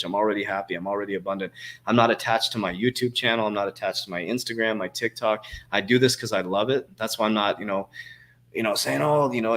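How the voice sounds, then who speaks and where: A man in his forties answers viewer questions on a casual livestream, in a fairly low voice. He rambles, swears freely and restarts his sentences, filling the gaps with ums and uhs. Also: a bit bright. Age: 40s. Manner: rambling, profane, frequent fillers and restarts.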